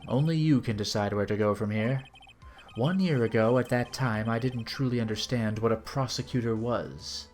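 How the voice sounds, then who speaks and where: A man voicing a composed, stern male prosecutor who speaks in a measured, lecturing way. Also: mid-range voice, faint music behind, pitched below the performer's own voice, close to an everyday voice.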